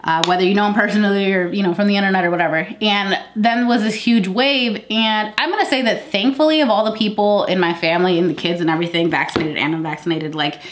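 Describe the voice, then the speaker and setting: A woman's voice: medium pitch, fast, few pauses, reverberant, a little hiss or hum. A woman in her thirties with a cold and a stuffy nose, chatting casually to her viewers in a rambling way and laughing often. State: congested from a cold. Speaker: vlogger. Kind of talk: casual sit-down chat.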